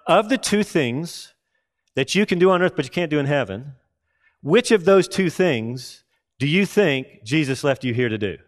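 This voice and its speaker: Guy preaching to a crowd, emphatic, slows way down on the big points. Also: fairly high pitch. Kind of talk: sermon.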